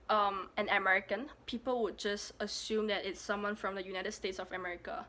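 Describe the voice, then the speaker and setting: In her casual pronunciation vlog, a young Malaysian woman repeats words while trying to get them right, teasing herself playfully. Her medium-pitched voice is level and sharp in tone, at a normal speed.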